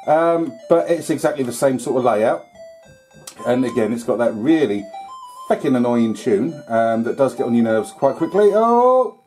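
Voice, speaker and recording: A man's voice: medium pitch, normal speed, dark tone, soft background music. A man giving casual, rambling commentary while playing an old computer game, with filler words and mild swearing. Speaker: retro gaming YouTuber.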